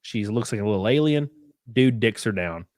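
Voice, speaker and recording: A tipsy man co-hosting a podcast, chatting crudely and animatedly, often laughing and breaking into high mocking voices. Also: expressive, moderate pace, a little mellow, dry recording, studio quality. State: a little drunk. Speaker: podcast co-host. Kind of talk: casual crude banter.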